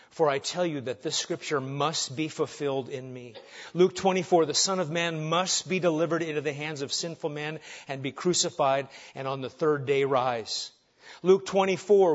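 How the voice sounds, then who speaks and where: A man preaching a sermon with emphasis, dropping soft on key phrases and rising when animated. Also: fairly high pitch, highs cut off. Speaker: pastor.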